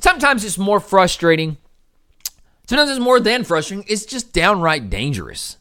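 A young man delivering a sermon, pressing hard on key words and then dropping low and quiet, stretching important words out slowly for weight. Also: big pitch swings, dry recording, studio quality. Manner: swings from loud emphatic peaks to low quiet passages. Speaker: preacher.

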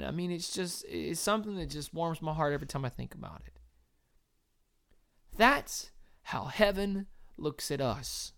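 A woman delivers an earnest, encouraging sermon in a lower voice that still moves a great deal in pitch. She rises to loud, cheering calls and sinks to hushed, gentle appeals. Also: expressive, moderate pace. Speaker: preacher.

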